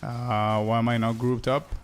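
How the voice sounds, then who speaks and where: Relaxed man streaming a game. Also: mid-range voice, unhurried, soft background music. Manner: relaxed, thinking aloud while playing with teammates. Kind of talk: casual gameplay commentary.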